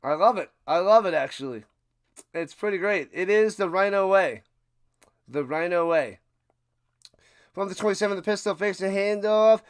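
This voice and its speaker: A man streaming a live football watch party, giving casual play-by-play commentary and bursting into loud calls. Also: high-pitched, animated, moderate pace, long pauses, smooth, dry recording.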